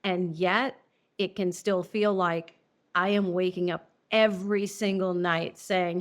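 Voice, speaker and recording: A middle-aged woman, an interview guest telling a personal story, earnest and emotional, halting and restarting often. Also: fairly low pitch. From New Orleans.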